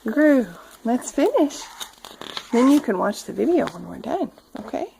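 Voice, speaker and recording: A mother at home reading a picture book aloud to her toddler, gently coaxing and prompting the child along. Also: on the high side, sing-song, unhurried, vocal fry, slight background noise, low-quality recording.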